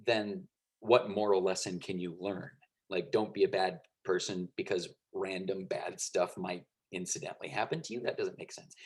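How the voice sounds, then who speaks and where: A man's voice: low-pitched, husky. A man teaching a lecture in a conversational way, with frequent fillers and checks for understanding.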